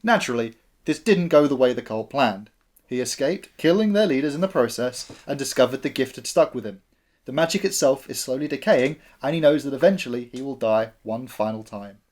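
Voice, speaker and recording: A man's voice: mid-range voice, lively intonation, brisk, a little mellow. Guy mid board game, joking around with friends, plain middle voice. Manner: joking, playful banter. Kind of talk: casual chat and reading card text.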